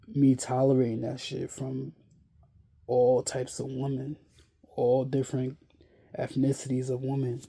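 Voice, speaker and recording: A man speaking a casual monologue to camera, blunt and profane, sounding weary and worn out, halting and repeating himself often. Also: mid-range voice, gravelly, dark tone, slightly rough. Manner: slow, halting and repetitive, with many restarts. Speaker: vlogger.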